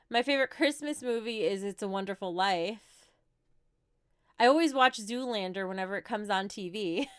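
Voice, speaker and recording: A woman's voice: a little high, smooth, no echo, studio quality. A woman in her thirties with a New Jersey accent, chatting casually on a livestream as she answers viewer questions with light laughs. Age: 30s.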